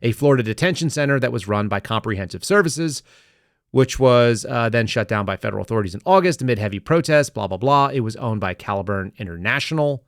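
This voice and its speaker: A man's voice: medium pitch, expressive, fast, no room sound, clean studio sound. A man hosting a podcast, delivering sarcastic, rambling political commentary with frequent restarts. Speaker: podcast host.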